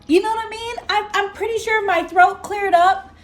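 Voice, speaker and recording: A young woman at her desk telling an excited storytime vlog, animated and exclamatory, breaking into laughs and squeals. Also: very high-pitched, moderate pace.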